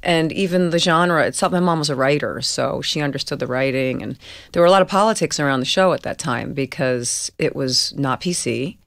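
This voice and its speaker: A woman with a strong New York accent and a deep, slightly gravelly voice tells stories candidly. The sound is dry and close, with no room around it. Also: fairly quick, no echo. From New York, Queens. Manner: candid, laughing storyteller. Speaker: guest actress. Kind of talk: casual interview chat.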